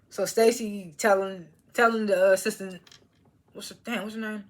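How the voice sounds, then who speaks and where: A young woman with a medium-pitched, fairly even voice recaps a TV episode at a measured pace. In her casual monologue she laughs often, strings thoughts together with fillers, and chews snacks as she talks.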